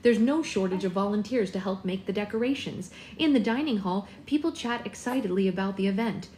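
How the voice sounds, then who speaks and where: A woman hosting a live book club from home, reading a novel aloud in a gentle, unhurried voice and breaking into soft singsong baby talk to her infant. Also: medium pitch, a little hiss or hum. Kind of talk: live read-aloud with casual asides.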